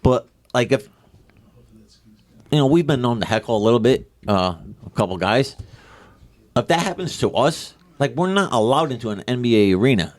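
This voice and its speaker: A man's voice: medium pitch, animated, normal speed, long pauses, no room sound. A man from co-hosting a casual sports podcast, arguing his points with rhetorical questions. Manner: argumentative, frequent "like" fillers, rhetorical questions. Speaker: podcast co-host.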